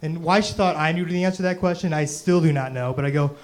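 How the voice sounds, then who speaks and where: On stage, a young man performs a rambling, self-deprecating stand-up set packed with "you know" and "um." He talks fast in a voice on the high side.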